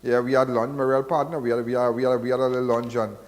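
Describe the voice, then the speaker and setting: Trinidadian man, call-in host, rambly and preachy, mid-pitched voice with long reverb. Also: level tone, quick pace. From Trinidad and Tobago. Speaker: radio call-in show host. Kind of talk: casual call-in talk.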